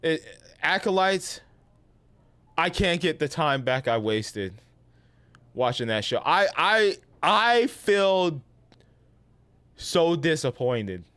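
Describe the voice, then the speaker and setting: Young man, gaming streamer, exasperated rant, slightly high voice, dry sound. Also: dry recording. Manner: exasperated, animated, with many restarts and laughs. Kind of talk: casual live-stream rant.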